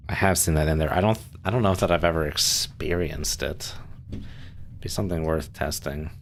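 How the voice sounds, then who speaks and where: A man with an extremely deep, low voice talks loosely on a live game stream. He rambles, restarts sentences and leans on fillers. A faint hum sits under his desk-mic sound. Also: fairly even intonation, moderate pace. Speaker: streamer playing a submarine sim. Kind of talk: casual live-stream chat.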